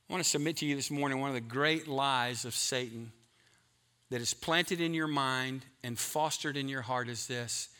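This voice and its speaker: A middle-aged man preaching a sermon, emphatic, moving between loud stretches and hushed ones. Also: mid-range voice. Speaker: pastor.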